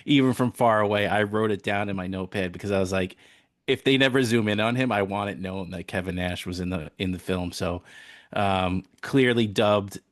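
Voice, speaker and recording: A man's voice: on the low side, moderate pace, no room sound, studio quality. A man co-hosting a casual movie podcast, laid-back and jokey, laughing often as he talks. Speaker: podcast co-host.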